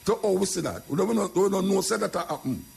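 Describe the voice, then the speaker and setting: Older Jamaican man, gravelly and husky, telling stories in patois and repeating himself. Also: sits high, sing-song, fast talker, a little mellow. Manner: patois storytelling, repeats phrases. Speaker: radio talk host. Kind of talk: casual monologue.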